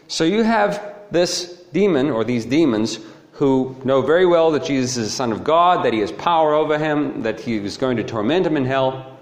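A man preaching a sermon in an emphatic, animated manner, often checking in with his listeners. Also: on the high side, moderate pace. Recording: roomy echo.

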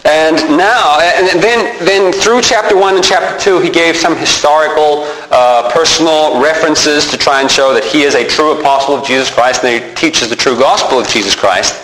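A man preaching a sermon as pastor, animated and emphatic, often repeating himself as he stresses a point. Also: on the high side, normal speed, few pauses. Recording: echoey hall with long reverb.

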